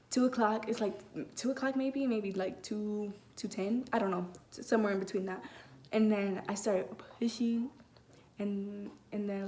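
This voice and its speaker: A woman's voice: medium pitch, dark tone, a little hiss or hum. A teenage girl telling a personal story in a casual vlog, rambling with many fillers and restarts. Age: late teens. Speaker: vlogger.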